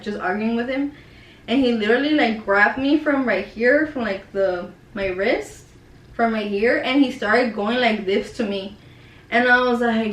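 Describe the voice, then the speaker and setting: Young woman rambling a storytime, lots of likes and swearing, echoey room, a bit off mic. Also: on the high side. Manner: casual and profane, heavy use of "like" and "dude". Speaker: vlogger. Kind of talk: casual storytime. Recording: roomy echo, a bit far from the mic.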